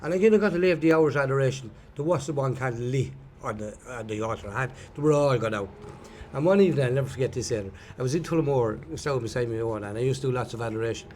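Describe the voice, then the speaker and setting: Irish man, earnest rambling testimony, brisk delivery, loud traffic noise outdoors. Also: medium pitch. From Ireland. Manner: earnest, rambling storyteller, repeats himself. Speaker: pilgrim giving testimony. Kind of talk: personal testimony. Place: outdoors at a pilgrimage site.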